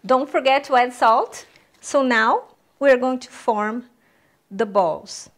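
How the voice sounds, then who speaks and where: High-voiced chatty woman cooking on camera. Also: slow pace, faint music behind. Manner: chatty and upbeat, talks the viewer through each step. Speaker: cooking channel host. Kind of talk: casual cooking demonstration to camera.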